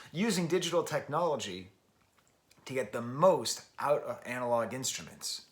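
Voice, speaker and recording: A man in his forties casually talking through an album review, rambling and self-deprecating, jumping between loud emphatic bursts and low mutters. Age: 40s. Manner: rambling and self-deprecating, with frequent laughs and restarts. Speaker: music review vlogger. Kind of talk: casual spoken record review.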